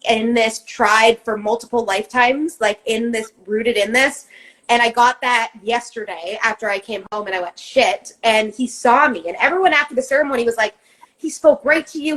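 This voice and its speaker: A woman's voice: fairly high pitch, fairly bright tone, rough recording. A woman co-hosting a podcast in casual chat, candid and emphatic, swearing freely and acting out the voices in her head. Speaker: podcast co-host.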